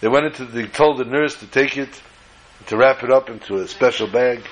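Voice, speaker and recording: A man's voice: mid-range voice, brisk, fairly bright tone, rough recording. A man telling a story in a sermon, acting out the dialogue with animation.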